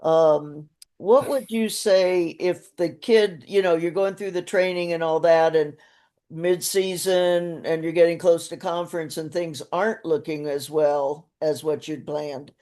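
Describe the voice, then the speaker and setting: A woman's voice: on the low side, steady tone, a little slow, mellow. A woman hosting an interview on a coaching call, asking long, rambling questions and laughing often. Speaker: interview host.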